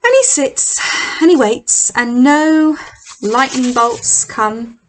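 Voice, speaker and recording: A middle-aged woman leading a children's church session, telling a Bible story with props in an animated, expressive way. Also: high-pitched, takes it slowly, low-quality recording.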